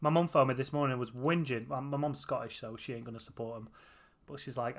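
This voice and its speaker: A man's voice: mid-range voice, fast, creaky. A tired man chatting casually to viewers on a live stream, with a runny nose. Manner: tired, chatty, often laughing.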